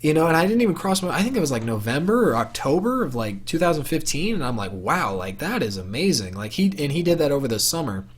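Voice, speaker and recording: A man's voice: a little high, very animated, quick pace, hardly any pauses, husky. A young man telling a personal story to camera for his vlog in a casual, rambling way, full of fillers and restarts. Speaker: vlogger.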